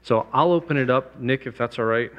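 A man's voice: mid-range voice, fairly quick, highs cut off. A man giving a missions talk to a live audience, emphatic and repeating his key points. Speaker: missions speaker. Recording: long hall reverb.

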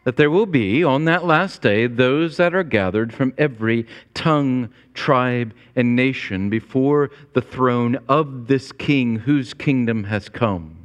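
A man preaching a sermon as pastor, with an emphatic, repetitive cadence that climbs higher in pitch when he stresses a point. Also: takes it slowly, few pauses, clear, resonant tone, in a large hall, highs cut off.

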